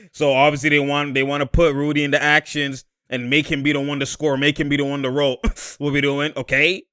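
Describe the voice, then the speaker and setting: A man talks through basketball footage in a loose, animated way, laughing often and calling out to the players in street slang. His voice sits a little high and rings bright and forceful. The sound is close and dry. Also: normal speed, clean tone, no room sound. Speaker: basketball commentator. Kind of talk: casual game-footage breakdown.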